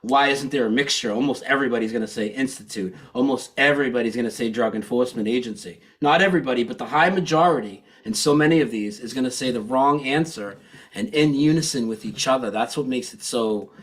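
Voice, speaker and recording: A man's voice: mid-range voice, fast talker. A man, a guest on a live stream, talking earnestly and casually, often restarting his sentences as he explains. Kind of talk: casual livestream chat.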